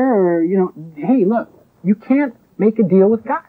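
A man preaching a sermon in an emphatic way, with sharp rises and drops. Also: high voice, expressive, unhurried. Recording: tinny phone-like lo-fi recording.

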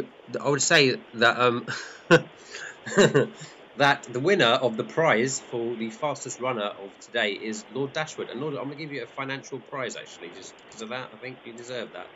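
A man hosting a group in excitable, chatty live commentary, often laughing as he talks. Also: medium pitch, highs cut off, a little hiss or hum. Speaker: group host.

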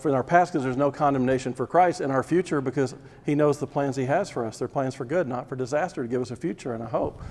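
A large hall's long reverb surrounds a man preaching a Bible class sermon with emphatic repetition and rhetorical questions. His voice is a little high with a darkish tone.

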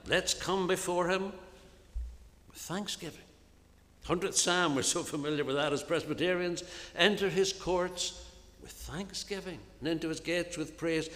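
A man preaching an earnest sermon in a church, often dropping to a soft, hushed voice on key phrases. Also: on the high side. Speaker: minister preaching. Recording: long reverb of a church hall, faint ambience.

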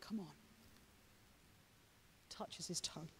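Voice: medium pitch, slow pace, breathy edge. A preacher giving a sermon, chatty and joking with the congregation, then turning fervent and rousing. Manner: chatty, jokey asides to the congregation. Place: church hall with a congregation. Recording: long church-hall reverb.

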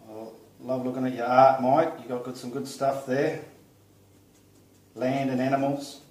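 A man with an Australian accent, casually greeting friends in a friendly, unhurried way while he paints. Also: mid-range voice, flat delivery, a little mellow. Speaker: artist vlogger. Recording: roomy echo, distant mic.

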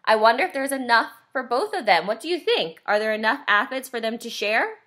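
A woman teacher reading a picture book aloud to young children, asking them questions as she goes. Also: a little high. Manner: slow, expressive, asks children questions.

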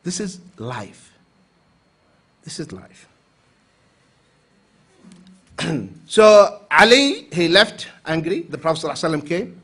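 Male lecturer from the Emirates, high, bright and lively delivery, acts out characters in anecdotes. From United Arab Emirates. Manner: animated storyteller, acts out quoted voices for humor. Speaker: Islamic lecturer. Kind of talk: conference lecture with acted anecdotes.

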